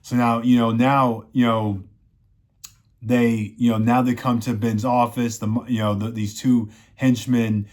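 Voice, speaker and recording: A man's voice: mid-range voice, level tone, unhurried, a little mellow. Rambling man recapping a show. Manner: rambling, full of "you know" fillers. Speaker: show reviewer. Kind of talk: casual plot recap.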